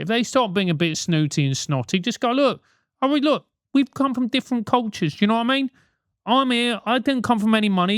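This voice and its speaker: A man's voice: sits high, fairly bright tone, clean tone, dry recording, studio quality. A British man hosting a comic advice show, talking bluntly with lots of swearing and mockery. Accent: British English. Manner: profane, blunt, mocking.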